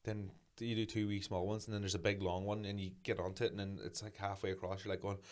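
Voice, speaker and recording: Man, fairly low voice, casual sweary storytelling, thirties, podcast chat. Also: fast talker. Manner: sweary, animated anecdote-telling.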